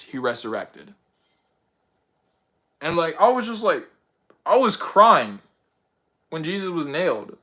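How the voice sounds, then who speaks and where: A young man hosting his channel in casual chat, rambling excitedly and filling his talk with "like" and "bro". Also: fairly high pitch, unhurried, long pauses. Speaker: channel host answering viewer picks.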